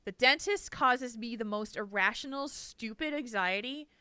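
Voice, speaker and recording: A woman co-hosting a chat podcast tells personal stories in an animated, emotional way and laughs easily. Her voice is bright and smooth. The recording is close and dry. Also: fairly high pitch, normal speed, dry recording. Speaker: podcast co-host. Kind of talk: casual chat.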